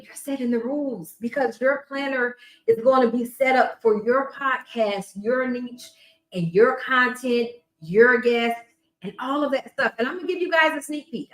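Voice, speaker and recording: Woman coach chatting to camera, kinda high voice, emphatic, echoey room. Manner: chatty and emphatic, drops into quiet asides. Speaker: podcast coach. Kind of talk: casual promotional talk to camera.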